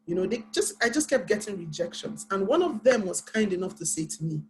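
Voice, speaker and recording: A woman's voice: medium pitch, very animated, darkish tone, soft background music, low-quality recording. Earnest Nigerian woman author. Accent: Nigerian English. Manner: earnest, deliberately paced speech. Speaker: panel guest, author. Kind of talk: personal storytelling on a panel.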